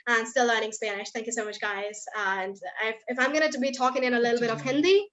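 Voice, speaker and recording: Bright high-voiced young woman on a call. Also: quick pace. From India. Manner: chatty and upbeat, many fillers, shows off different accents. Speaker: accent coach guest speaker. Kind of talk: live online talk.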